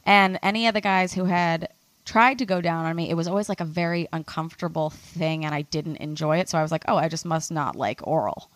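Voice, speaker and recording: A woman's voice: deep voice, a little fast, dry recording. Candid young woman podcast host. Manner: candid, laughing, lots of "like". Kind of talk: casual podcast chat.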